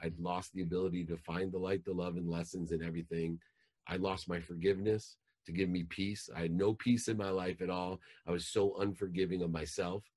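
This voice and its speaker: A man telling an emotional personal story as a podcast guest, growing animated as he relives it. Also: deep voice, brisk, husky.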